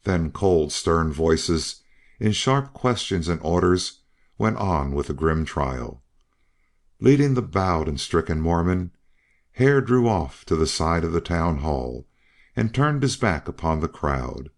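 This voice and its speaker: A man's voice: low-pitched, big pitch swings, slow pace. A man narrating a western novel as an audiobook reader. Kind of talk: scripted narration.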